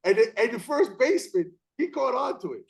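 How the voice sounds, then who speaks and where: Animated male host, high pitch, tells stories with acted-out scenes. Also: fairly quick, vocal fry. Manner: animated storyteller, acts out scenes. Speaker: interview host and umpire. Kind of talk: casual storytelling chat.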